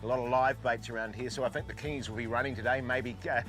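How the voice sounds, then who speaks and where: A man with a New Zealand accent playing a relaxed fishing co-host who bluffs his expertise, drawling with lots of fillers. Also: mid-range voice, quick pace, over music, natural voice. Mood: matey. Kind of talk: satirical sketch comedy.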